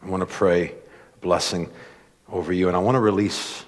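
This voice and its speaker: A man preaching a sermon, telling a story with lively asides, many filler words and acted-out voices. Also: deep voice, normal speed. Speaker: pastor. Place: church hall. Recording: long hall reverb.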